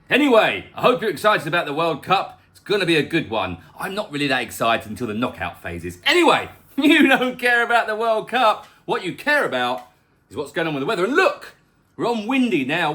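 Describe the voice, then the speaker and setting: A man's voice: high voice, big pitch swings, moderate pace, bright, forceful tone. A man hosting a casual, jokey weather vlog outdoors in his garden, chatting straight to the viewer. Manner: playful, jokey, talks to the viewer. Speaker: weather update host.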